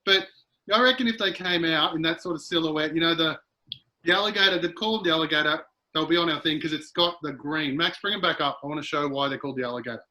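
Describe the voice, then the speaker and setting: A middle-aged podcast host keeps the chat light and teasing. His voice sits fairly high and sounds bright and tense. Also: quick pace. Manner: joking, teasing. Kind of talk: casual chat.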